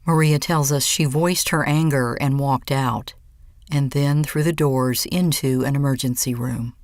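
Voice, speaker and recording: Woman, scripted narrator, measured delivery, very low pitch, dry sound. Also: fairly even intonation, a little mellow, no room sound. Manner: brief, measured lines.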